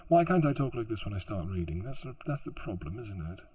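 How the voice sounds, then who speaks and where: Poor audio captures this audiobook narrator's lowish, warm, breathy voice, very animated and fast. In outtakes from a fantasy audiobook, he repeatedly stumbles and restarts lines, rambling and joking to himself between passages.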